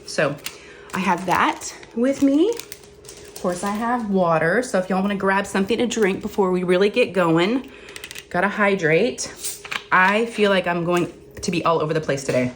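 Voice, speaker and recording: A woman's voice: medium pitch, normal speed, slight background noise. A woman chatting casually as host of a crafting vlog, rambling and self-deprecating.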